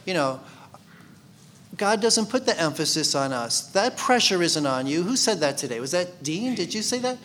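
A man's voice: high-pitched, big pitch swings, moderate pace, fairly bright tone, a little hiss or hum. Conversational man teaching a sermon. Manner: conversational, asks the congregation questions. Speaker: Bible teacher.

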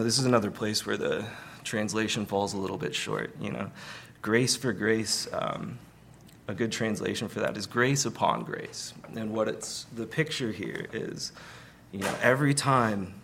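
A man giving a conversational Sunday sermon, relaxed, with many fillers and light humor. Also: lowish voice, unhurried, vocal fry, a little hiss or hum. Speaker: preacher.

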